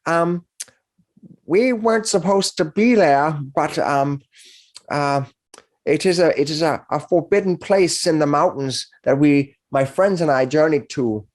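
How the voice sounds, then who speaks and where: A man puts on a jittery young orc boy who trips over his words, pitched well above the man's own voice. He sounds eager and apologetic, like a kid caught out, in a live tabletop game. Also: measured pace, close to an everyday voice. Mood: nervous. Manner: stammering, hesitant. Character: nervous teenage male orc, eager and stammering.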